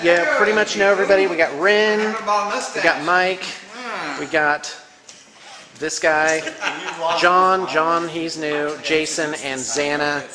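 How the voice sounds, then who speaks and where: A man's voice: on the high side, fairly even intonation, slow pace, a crowd in the background. A man hosting a tabletop game as game master, chatty and upbeat with many fillers. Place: room around a gaming table. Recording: reverberant room.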